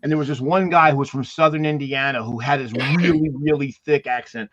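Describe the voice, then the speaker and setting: A man's voice: mid-range voice, fairly even intonation, a little fast, fairly bright tone, dull audio, slight background noise. A man with a New York-New Jersey accent, chatting casually as a podcast co-host and telling stories with lots of restarts. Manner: storytelling, laughing, restarts. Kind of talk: casual chat.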